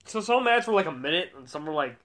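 Host, man, slightly high voice, easygoing, loose trailing sentences. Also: very animated, quick pace, fairly bright tone. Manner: laid-back, trailing sentences, says dude. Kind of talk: casual chat reviewing ads.

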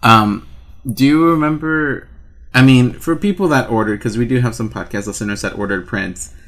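A man co-hosting a casual podcast over a call, with dry, deadpan jokes. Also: medium pitch, normal speed. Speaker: podcast co-host. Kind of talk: casual chat. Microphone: remote call.

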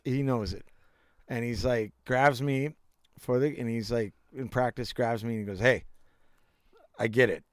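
A man's voice: medium pitch, moderate pace, no echo. A middle-aged man, a former hockey player, telling stories as a guest in a casual chat, rambling, restarting often and swearing freely. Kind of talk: casual storytelling.

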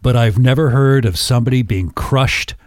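A man's voice: medium pitch, normal speed, a little mellow, no room sound, studio quality, close to an everyday voice. A podcast host voicing a veteran male medical examiner, amazed and matter-of-fact. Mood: astonished.

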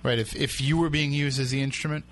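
A man hosting a paranormal talk show and interviewing a guest, asking probing questions with halting starts. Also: medium pitch, steady tone. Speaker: radio show host.

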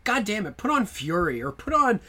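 High bright-voiced guy cohosting a film podcast, bouncy and jokey. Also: very animated, fairly quick. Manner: joking, crude, laughs often. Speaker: podcast co-host. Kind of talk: casual chat.

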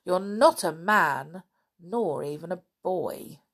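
A woman reading a children's storybook aloud, voicing an excitable young girl with a breathless, gushing manner. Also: fairly low pitch, slow pace, gravelly, husky, full character voice. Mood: indignant.

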